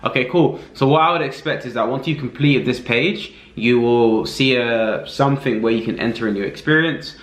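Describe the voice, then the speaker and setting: A man giving a casual screen-recorded walkthrough as a reviewer, relaxed and thinking aloud with many fillers. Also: medium pitch, moderate pace, few pauses. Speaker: affiliate marketing reviewer. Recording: roomy echo.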